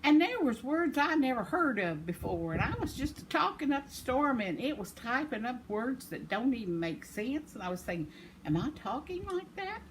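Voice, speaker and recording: In a noisy recording made at home, an older woman vlogger rambles through a casual story, chuckling at her own expense. Her voice is a little high and sing-song, moving at a normal speed with hardly any pauses.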